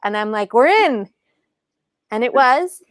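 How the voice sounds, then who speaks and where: A middle-aged woman telling her story in an animated, casual way as an interview guest, acting out quoted lines in a higher voice. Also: a little slow, no echo, clean studio sound. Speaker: podcast guest, author and speaker.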